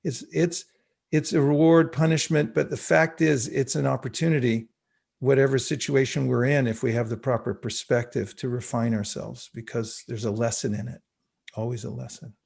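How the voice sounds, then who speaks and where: A man teaching an online spiritual class by video call, speaking reflectively and slowly chanting mantras for listeners to repeat. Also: medium pitch, steady tone, creaky, darkish tone, husky.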